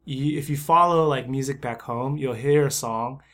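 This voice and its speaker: A man who lives abroad as a teacher, co-hosting a casual chat and telling stories in a relaxed way with lots of filler words. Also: mid-range voice, normal speed. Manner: relaxed storytelling, many filler likes. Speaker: podcast co-host; expat teacher in Korea.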